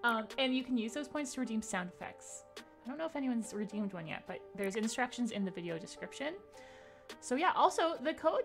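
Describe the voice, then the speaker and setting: A woman's voice: a little high, lively intonation, soft background music. Giggly woman streamer reading chat aloud. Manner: upbeat, giggly, reads chat names aloud rapidly. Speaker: game streamer. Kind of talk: casual live-stream chat.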